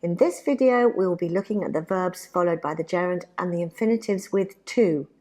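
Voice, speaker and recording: A woman with a British accent teaching an English grammar lesson, speaking deliberately and spelling out examples. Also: on the low side, dark tone. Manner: deliberate, carefully spoken examples. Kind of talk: slow, clear grammar lesson.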